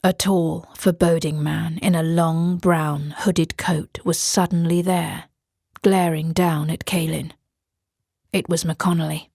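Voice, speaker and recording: A woman narrating a horror audiobook in a measured way. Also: deep voice, flat delivery, vocal fry, darkish tone, slightly rough, dry recording, clean studio sound.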